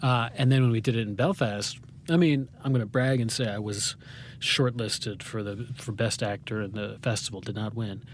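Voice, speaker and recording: American guy rambling through a story, lots of ums, lowish voice, faint hiss behind. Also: normal speed. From United States. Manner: rambling and self-deprecating, with many fillers and restarts. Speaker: guest playwright. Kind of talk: conversational interview.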